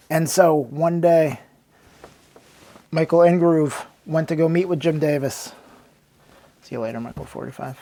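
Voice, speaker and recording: A man narrating a sarcastic, mock-dramatic story as a comedic vlog. His voice is high for a man and gravelly throughout. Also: steady tone, unhurried, long pauses, warm tone.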